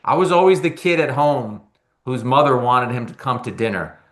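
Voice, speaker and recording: Bright-voiced storytelling man from New Jersey. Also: mid-range voice, moderate pace. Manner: animated anecdote-telling with frequent repeated words. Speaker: baseball analyst and former reporter. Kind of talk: conversational storytelling in an interview.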